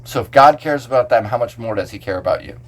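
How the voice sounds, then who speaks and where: A man's voice: medium pitch, lively intonation, quick pace. A man, a pastor, talking casually on a podcast, explaining scripture verse by verse with a loose, filler-heavy manner.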